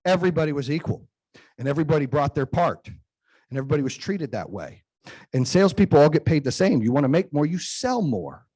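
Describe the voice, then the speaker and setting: A man's voice: fairly high pitch, sing-song, brisk, a little mellow, husky, dry recording. A man in his forties giving a motivational keynote speech, telling stories with emphasis and frequent "right?" tag questions. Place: event stage before a live audience.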